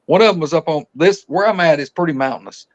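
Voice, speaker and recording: A man's voice: fairly high pitch, fast, muffled recording. A man telling a hunting story as a podcast guest, folksy and rambling, often restarting his sentences. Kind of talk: casual storytelling.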